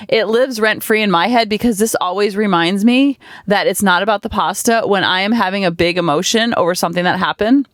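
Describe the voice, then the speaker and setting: A woman's voice: mid-range voice, fairly quick, hardly any pauses, no echo. Chatty woman podcast host, dry close mic. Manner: chatty, animated storytelling with many fillers. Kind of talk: casual podcast monologue. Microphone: studio podcast microphone.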